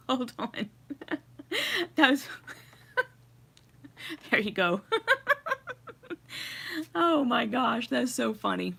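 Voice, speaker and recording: A woman's voice: a little high, animated, very slow, vocal fry, long pauses, slightly rough. A middle-aged woman hosting a casual livestream from home, laughing often as she greets viewers and reads their comments. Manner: giggly, chatty, warm greetings to viewers. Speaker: livestream host. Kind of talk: casual live chat reading comments. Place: home with a fireplace.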